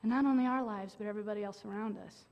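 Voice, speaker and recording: A woman preaching a sermon in an earnest way, with dramatic pauses and sudden loud bursts. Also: mid-range voice, fairly even intonation, highs cut off.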